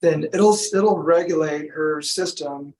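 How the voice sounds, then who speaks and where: A man guest in a relaxed interview, talking about breath work in a laid-back, storytelling way. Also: fairly high pitch, measured pace, rough recording. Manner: laid-back, storytelling, says "you know" often. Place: from Sacramento.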